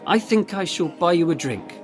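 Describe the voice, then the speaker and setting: A man's voice: high voice, lively intonation, normal speed, music in the background, pitched above the performer's own voice. A man voicing a formal, persuasive German man in a storytelling reading, with a German accent.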